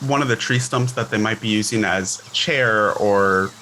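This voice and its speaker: A man runs a tabletop session in an unhurried, descriptive voice, breaking into easy laughter. His tone is bright and clear over a home mic, with a faint hiss under it. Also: fairly low pitch. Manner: relaxed, descriptive, laughs often. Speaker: game master. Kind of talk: narrating a tabletop game. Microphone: home microphone on a live stream.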